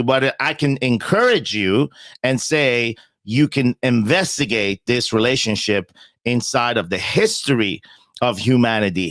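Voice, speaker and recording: A man's voice: medium pitch, fairly bright tone, dry recording. Man, blunt and emphatic, swears freely, stammers into points, dry close sound. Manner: blunt and emphatic, frequent profanity, repeats words when starting. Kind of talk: casual podcast conversation.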